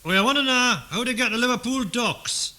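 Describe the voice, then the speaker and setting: A man's voice: very high-pitched, normal speed, bright, forceful tone, slight background noise, exaggerated voice. An actor playing a Geordie father asking for directions over CB radio in concise radio jargon, with a Geordie accent. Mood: courteous. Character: Geordie father lost driving, polite CB user.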